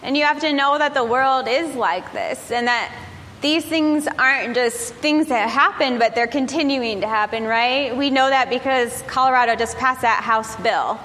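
A woman's voice: high-pitched, moderate pace, a bit bright. A woman in her forties, a pastor giving a conversational sermon at a church service, telling a candid story with frequent laughs and fillers. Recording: reverberant hall with faint noise.

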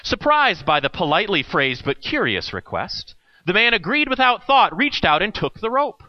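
A man narrates a parable in a measured, deliberate read, his fairly high voice moving lively up and down. The sound is dry and a little dull, with no room echo. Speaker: storyteller. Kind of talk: reading a parable aloud.

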